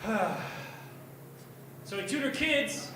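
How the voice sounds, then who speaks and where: A man's voice: high-pitched, lively intonation, slow pace, background noise. A young man doing crude, self-mocking open mic stand-up in a bar, telling his stories with energy. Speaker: stand-up comedian. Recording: echoey bar from far off.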